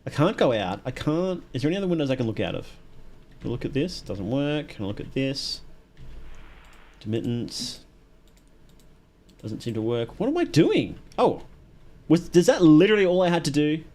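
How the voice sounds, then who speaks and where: A man's voice: a little high, sing-song, normal speed, long pauses, darkish tone. An Australian man streaming a horror game live, chatty and reactive, asking questions aloud as he plays. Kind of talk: live gameplay commentary.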